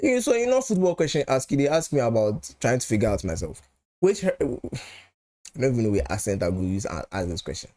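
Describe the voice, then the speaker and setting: A man's voice: mid-range voice, very animated, fairly quick, dark tone. A man with a Nigerian accent talks his viewers through a live football match. His delivery is loose and chatty, and he often repeats a phrase two or three times. He slips between pidgin and English as he goes. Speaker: football channel host. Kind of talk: live match watchalong chat.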